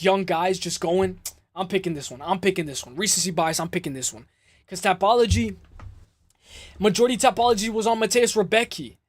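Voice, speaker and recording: High-voiced man hosting a fight stream. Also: no echo. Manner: loose, swearing, reads chat aloud. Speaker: host of a live MMA stream. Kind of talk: casual live-stream chat.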